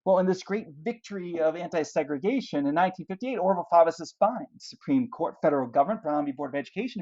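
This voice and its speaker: A man's voice: a little high, lively intonation, fast talker, hardly any pauses, mellow, dull audio. A man teaching a history lesson, explaining events and asking rhetorical questions as he points out pictures. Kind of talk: classroom history lecture.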